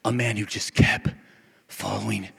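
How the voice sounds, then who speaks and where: A male pastor preaching a passionate sermon, with a repetitive, rhythmic cadence that swings from shouting down to near-whispers. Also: on the low side, flat delivery, unhurried, gravelly, husky. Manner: repetitive, call-and-response cadence. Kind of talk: Easter Sunday sermon.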